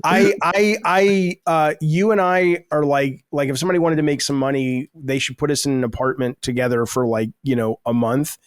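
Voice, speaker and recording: A middle-aged man talks loosely as a podcast guest, rambling and self-deprecating, always ready to jump in. His voice sits a little high for a man. The sound is dry and close. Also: fairly even intonation, normal speed, few pauses, clean tone, dry recording. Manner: talkative, self-deprecating, prone to interrupting. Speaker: guest, game designer. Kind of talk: casual podcast chat.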